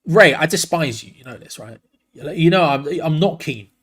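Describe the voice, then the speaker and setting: A man hosting a live football watch-along. He calls the play excitedly and breaks off to answer viewers in the chat. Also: a little high, moderate pace, breathy edge. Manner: excitable, chatty, jumps between play-by-play and reading comments. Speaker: watch-along host and commentator.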